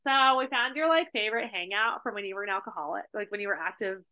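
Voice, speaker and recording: A woman guest in a casual podcast chat, telling a story in an animated way with many fillers like "like". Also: medium pitch, quick pace, narrow, tinny audio. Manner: animated storytelling, heavy use of "like".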